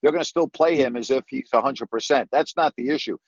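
A man's voice: mid-range voice, fast talker, no echo. A male sports radio host talks to callers and hammers home his points with emphatic repetition. His voice comes through a dry studio sound. The sound is dull and lo-fi. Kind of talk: sports call-in talk.

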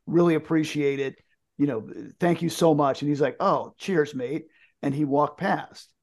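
A man telling a story in casual chat, animated, jokey, acting out the dialogue. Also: a little high, moderate pace.

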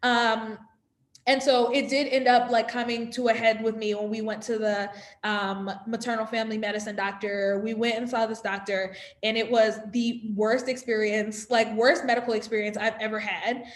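A woman with a fairly high voice tells a personal story in an easy, chatty way. She sounds exasperated and fills her sentences with little asides. The recording has a noticeably echoey room around her. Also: little pitch movement, moderate pace. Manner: chatty, exasperated retelling full of fillers. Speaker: podcast guest.

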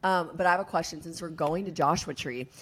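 A woman hosting a podcast, chatting casually with a friend, hoarse with vocal fry, teasing and swearing freely. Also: low-pitched, brisk, fairly bright tone. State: hoarse, losing her voice. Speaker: podcast host. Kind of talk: casual chat between friends.

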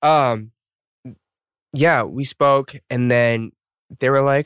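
A man's voice: mid-range voice, slow, fairly bright tone, clean tone, no echo, clean studio sound. A man in his thirties hosting a podcast in casual chat, rambling with lots of fillers and laughing at himself. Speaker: podcast host.

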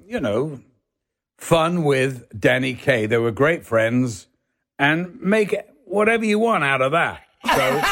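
An older man from England, a guest telling stories in casual conversation, acting out the people in them with lively put-on voices. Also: mid-range voice. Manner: animated, acts out the people in his stories in shifting voices. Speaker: guest actor telling anecdotes. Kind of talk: casual podcast storytelling.

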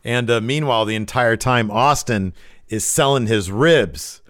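A man's voice: medium pitch, unhurried, a bit bright, no echo, studio quality. A man co-hosting a casual livestream, chatting about wrestling with eager, rambling talk full of restarts. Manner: enthusiastic, rambling with restarts and frequent agreement sounds. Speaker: co-host.

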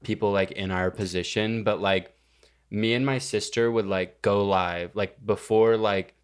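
A man's voice: on the low side, steady tone, measured pace, clear, resonant tone. A young man co-hosting a podcast, telling a story in hesitant, filler-laden casual chat. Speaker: podcast co-host.

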